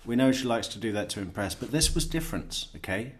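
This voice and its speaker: A man's voice: mid-range voice, animated, quick pace. A man giving blunt, sarcastic commentary on an interrogation video, and breaking into mocking impressions of the people in it. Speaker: true crime commentator.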